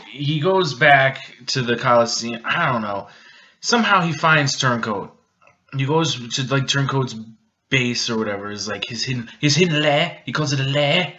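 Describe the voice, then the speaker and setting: Drunk man, rambling, joking, bright forceful voice, dull lo-fi recording. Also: mid-range voice. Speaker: vlogger. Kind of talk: drunken film recap.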